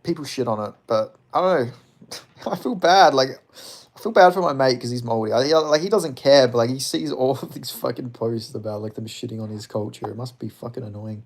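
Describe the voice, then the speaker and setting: Twenty-something guy reading chat, raspy fry, loose and sweary. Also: mid-range voice, brisk. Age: 20s. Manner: profane, rambling, laughs often. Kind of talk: casual live-stream chat.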